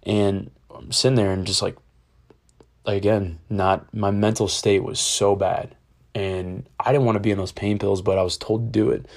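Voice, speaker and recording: A young man with a low, fairly monotone voice recounts a personal story in a loose, rambling way. He speaks candidly and swears freely as he goes. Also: moderate pace. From Ohio, USA.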